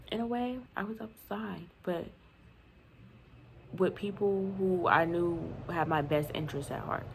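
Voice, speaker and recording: A woman's voice: on the low side, creaky, a little hiss or hum, rough recording. A nineteen-year-old woman and new mother, chatting casually and candidly on her vlog in rambling, slangy talk at home. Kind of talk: casual chat.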